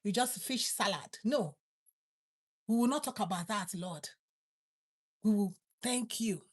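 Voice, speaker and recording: A woman preaching and praying, repeating her thanks to God and slowing down on key words. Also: medium pitch, husky. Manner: fervent, repetitive prayer phrases, slows for emphasis. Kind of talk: prayer and sermon.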